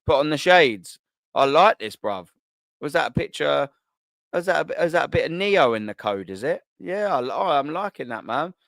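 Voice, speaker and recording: A man's voice: a little high, expressive, moderate pace, creaky, a bit bright, no echo. A man in his thirties with a London accent, hosting a live stream and chatting casually with his viewers, full of slang and easy laughter. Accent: London English. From England. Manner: laid-back banter full of slang, laughs easily. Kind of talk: casual live chat reading comments.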